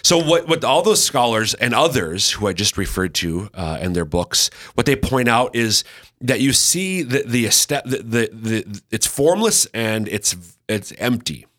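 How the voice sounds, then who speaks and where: A male radio host teaching the Bible in a conversational way. He thinks aloud with frequent restarts and slows down to stress key points. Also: medium pitch, sing-song, a bit bright.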